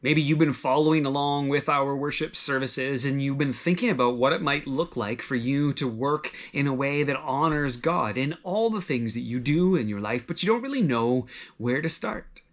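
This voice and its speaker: A man preaching a sermon, conversational and gently encouraging, full of everyday examples. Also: mid-range voice, normal speed. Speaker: pastor.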